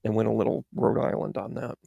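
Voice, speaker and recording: A man's voice: fairly low pitch, flat delivery, fast talker, vocal fry, mellow, breathy edge, dry recording, muffled recording. A man giving a rambling, exasperated political commentary monologue with sarcastic asides. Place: New York.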